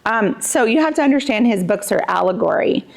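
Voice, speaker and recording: Co-host, woman, slight vocal fry, laid-back and chatty, laughs easily. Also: on the high side, animated, fairly quick. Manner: easygoing, laughs often, explains step by step. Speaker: co-host and executive producer. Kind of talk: casual cooking and book chat.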